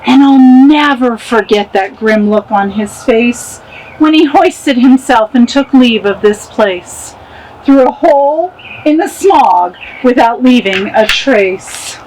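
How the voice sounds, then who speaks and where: A woman reads a rhyming picture book aloud in a high, expressive voice. She takes it slow and unhurried, with a faint hiss in the background. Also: rough recording. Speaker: storybook reader.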